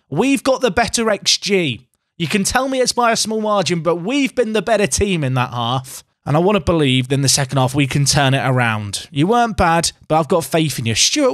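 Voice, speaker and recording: A man's voice: on the high side, a bit bright, no echo, studio quality. A young man giving casual, self-mocking commentary on a game he is playing and talking back to it. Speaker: gaming YouTuber.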